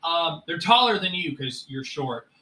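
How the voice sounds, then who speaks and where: Bright-voiced man running a tabletop game. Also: a little high, lively intonation, measured pace, roomy sound, far from the mic, slight background noise. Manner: casual, swearing, filler-heavy narration. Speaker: game master.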